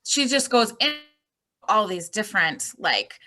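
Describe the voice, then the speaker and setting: A woman's voice: mid-range voice, a little slow. A woman interviewer on a video call, talking enthusiastically about books and reading out audience questions. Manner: enthusiastic, animated. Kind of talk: casual chat.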